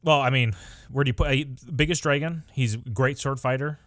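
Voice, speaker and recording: A young man co-hosting a podcast, talking in an animated, exasperated way in casual chat. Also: medium pitch, a little fast, no echo, studio quality. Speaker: podcast co-host.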